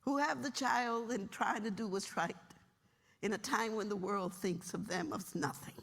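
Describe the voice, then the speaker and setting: A woman's voice: mid-range voice, normal speed, gravelly, breathy edge. A middle-aged woman, a retired military officer, telling stories with humor in a keynote speech in a large hall. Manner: animated, humorous storytelling. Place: large hall, luncheon event. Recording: long reverb of a large hall.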